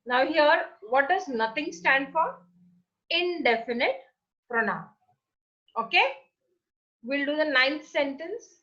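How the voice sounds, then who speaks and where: A woman's voice: sits high, bright, forceful tone, muffled recording. A woman teaching an online English class to children, patiently asking questions and then answering them herself. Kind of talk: recorded online class lesson.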